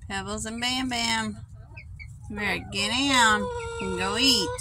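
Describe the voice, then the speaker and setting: Slow, high-voiced woman among chickens. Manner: coaxing, sing-song talk to her pets and hens. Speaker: backyard chicken keeper. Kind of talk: casual farm vlog. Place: outdoors at a backyard chicken coop. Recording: noisy, clucking chickens behind. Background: chickens clucking and roosters.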